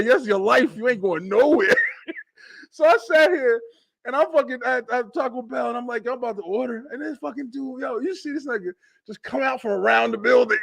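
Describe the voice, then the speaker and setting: With a creaky voice and no echo, a young web show host spins casual comedic stories full of profanity. He's animated and laughs a lot, his pitch swinging high whenever he gets excited.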